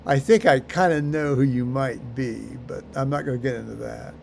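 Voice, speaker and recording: A man rambling through a solo vlog monologue, halting with many fillers and restarts, with dry dark humor. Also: medium pitch, gravelly, a little hiss or hum. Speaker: vlogger.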